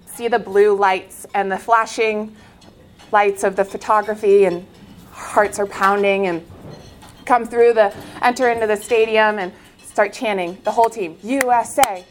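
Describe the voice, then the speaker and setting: A former Olympic swimmer, this woman delivers an inspirational faith talk, telling her story earnestly and with animation. Her voice is mid-range and her pace measured.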